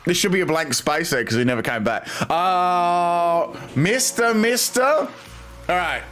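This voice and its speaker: An Australian man in his twenties talks through a live stream at a slow, unhurried pace, reading viewer chat aloud with amused disbelief. His pitch swings widely, sitting somewhat high for a man. Faint music plays behind him. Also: lively intonation, fairly bright tone. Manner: amused, reads viewer suggestions aloud with incredulous reactions.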